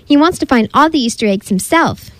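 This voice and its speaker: A woman's voice: expressive, brisk, no room sound. A woman voicing an eager young girl who keeps chasing after her runaway dog in a read-aloud storybook. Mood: coaxing. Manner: eager, high-pitched pleading.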